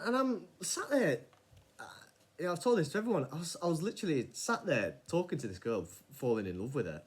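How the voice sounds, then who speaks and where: A man's voice: on the high side, breathy edge. Rambling man telling a story. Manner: rambling, animated retelling with frequent restarts and casual swearing. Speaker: vlogger. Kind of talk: casual storytelling monologue.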